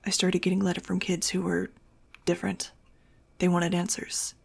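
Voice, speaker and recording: A guarded teenage boy speaks in a hushed, even voice, holding himself in check, as a woman reads him in an audiobook. A gravelly fry runs under the low volume. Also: normal speed, heavily acted. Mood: quiet. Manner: quiet, hushed. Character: guarded teenage boy leader, quiet and tense.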